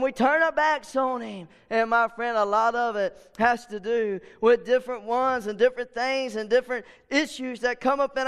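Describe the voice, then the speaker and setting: A man preaching an impassioned sermon, swelling loud and dropping to a hush. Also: very high voice, clear, resonant tone. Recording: long hall reverb.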